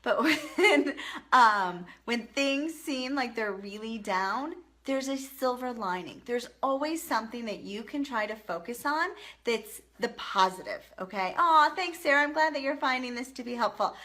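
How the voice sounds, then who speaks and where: A woman's voice: fairly high pitch, lively intonation, moderate pace, fairly bright tone. A woman in her thirties, a parenting vlogger chatting casually and encouragingly to viewers on a live stream. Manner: chatty, encouraging, reads viewer comments aloud.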